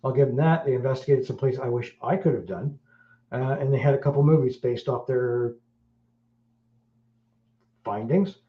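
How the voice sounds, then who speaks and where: This podcast host is a middle-aged man from Wales whose casual talk is blunt, crude and rambling, full of fillers. He speaks at a normal speed with a medium pitch and pauses often, captured in a roomy, dull, lo-fi recording.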